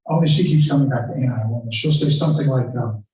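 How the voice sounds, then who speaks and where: A man tells history as a lecture, building dramatic stories and acting out quoted speeches with real feeling. His dark, mellow voice carries through a very echoey room. He sounds set back from the microphone. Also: medium pitch, fast, far from the mic. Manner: storytelling, dramatic quoting of speeches. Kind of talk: history lecture to a live audience. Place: lecture room at a country club.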